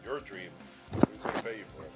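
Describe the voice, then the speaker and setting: A man's voice: low voice, lively intonation, quick pace, music in the background. A man hosting a gaming news show, reading items aloud and adding sarcastic asides.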